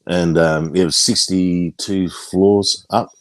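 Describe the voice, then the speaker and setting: A man's voice: low voice, steady tone, slow pace, no echo. A man in casual chat, telling a rambling story with frequent fillers and casual swearing.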